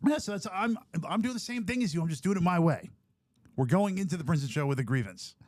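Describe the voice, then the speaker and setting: A man co-hosting a casual podcast, joking and teasing in quick asides. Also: high voice, lively intonation, darkish tone, dry recording, studio quality. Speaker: podcast co-host. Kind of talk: casual chat.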